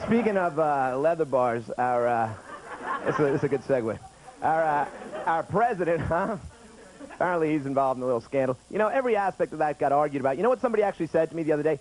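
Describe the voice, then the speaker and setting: Man in his thirties, stand-up comic, fairly high voice, noisy TV broadcast sound. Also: lively intonation, fast. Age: 30s. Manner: conversational, acts out other people's lines. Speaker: stand-up comedian. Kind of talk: stand-up routine on late-night TV. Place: TV studio stage with audience. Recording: noisy 1990s TV broadcast audio.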